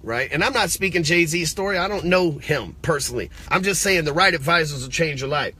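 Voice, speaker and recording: Brief: forceful male business coach, slightly high voice, blunt and profane, motivational rant. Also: fairly quick, few pauses, husky. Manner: blunt and profane, talks straight to the viewer; asks rhetorical questions. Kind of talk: casual motivational rant to camera.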